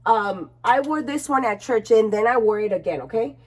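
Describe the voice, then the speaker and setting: A young woman chatting casually to her camera at home, expressive and chatty, swearing freely. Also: fairly high pitch, normal speed. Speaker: beauty vlogger.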